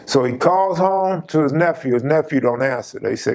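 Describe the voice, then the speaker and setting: A man's voice: a little high, lively intonation, moderate pace, a little mellow. A man hosting his channel, casually telling a personal story in an emphatic, slang-heavy way.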